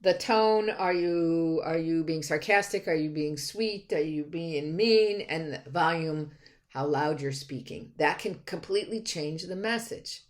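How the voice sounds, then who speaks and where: A woman's voice: low-pitched, measured pace. A middle-aged woman from Connecticut giving a recorded college lecture in a chatty, self-correcting way, with many fillers and restarts. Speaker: college instructor.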